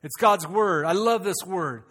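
Animated preacher man in a reverberant hall. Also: sits high, unhurried. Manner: animated, calls out to the congregation. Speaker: pastor. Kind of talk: sermon.

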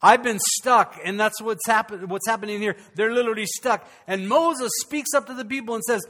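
A man, a pastor, preaching to his congregation in a conversational way, with humor and dramatic pauses. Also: high voice, a bit bright. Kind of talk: sermon. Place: church sanctuary before a congregation.

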